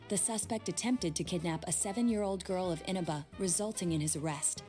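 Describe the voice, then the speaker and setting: A woman voicing a calm, analytical young detective in an English video game dub, speaking in a measured, matter-of-fact way. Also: lowish voice, close to an everyday voice.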